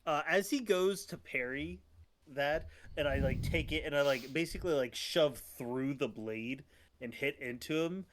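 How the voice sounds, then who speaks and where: Hesitant man playing a tabletop game. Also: a little high. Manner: halting, full of fillers, describes his character's actions. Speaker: player. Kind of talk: casual tabletop game talk.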